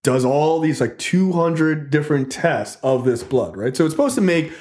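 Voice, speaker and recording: A man with a fairly high voice, talking at normal speed, hosts a podcast and tells a story in casual conversation, with a roomy echo on the recording. His delivery is animated and profane, packed with "like" and repeated "right?" check-ins.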